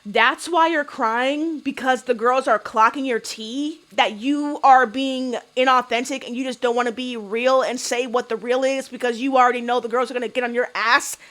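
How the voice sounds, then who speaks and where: A woman's voice: high-pitched, fairly bright tone. A young woman giving a blunt, sassy recap of a reality show, swearing freely and firing off rhetorical questions. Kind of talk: casual opinionated recap.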